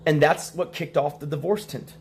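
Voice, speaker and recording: A man's voice: on the high side, steady tone, moderate pace, vocal fry, slight background noise. A young man telling a story in casual stream talk, acting out the quoted lines and laughing between them.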